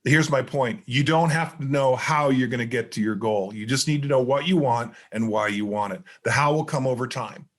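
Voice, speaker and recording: A middle-aged man, a motivational speaker appearing as a podcast guest, telling stories in a lively way and acting out the dialogue. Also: medium pitch, normal speed, hardly any pauses. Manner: animated storyteller who acts out dialogue. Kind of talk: storytelling interview chat.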